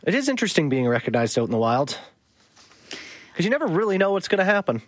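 A man's voice: sits high, sing-song, fast talker. A man co-hosting a morning radio show, bantering in an easygoing way with dry asides. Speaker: radio co-host. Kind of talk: casual radio chat. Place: radio studio.

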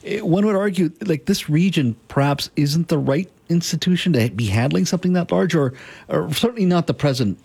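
Husky-voiced radio host. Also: male voice, fairly high pitch, expressive, fairly quick, darkish tone, no echo. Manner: conversational, hesitant with fillers. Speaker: radio talk show host. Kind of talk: talk radio interview and call-in.

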